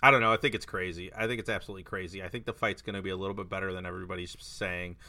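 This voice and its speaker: A man hosting a casual sports podcast, steering the talk with steady, emphatic remarks. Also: deep voice, very fast. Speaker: podcast host. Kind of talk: casual chat.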